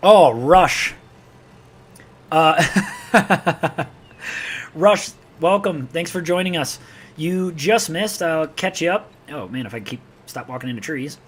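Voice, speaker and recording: A man's voice: fairly high pitch, animated, normal speed. A man from New York with a New York accent, rambling chattily through live gameplay commentary and talking to his chat. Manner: chatty, rambling, talks to chat while playing. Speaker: gaming streamer.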